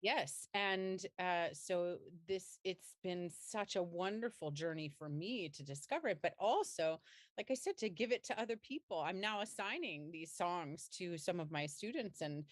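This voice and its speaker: A woman from the United States, a singer speaking as a guest in an interview, earnest and reflective, pausing to find her words. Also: on the low side, dry recording, clean studio sound. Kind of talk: conversational interview.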